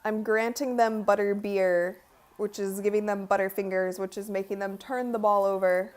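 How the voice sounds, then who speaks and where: A woman's voice: mid-range voice, steady tone, moderate pace, a little mellow. Woman, live-stream host, casual game commentary, chatty, giggly, talks to her chat. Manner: chatty, giggly, chats with viewers.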